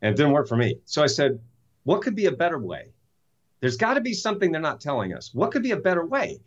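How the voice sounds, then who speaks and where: A man's voice: on the high side, sing-song, fast, highs cut off. A man speaking as an interview guest, telling a story with enthusiasm and emphatic rhetorical questions. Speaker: guest, self-help author and speaker.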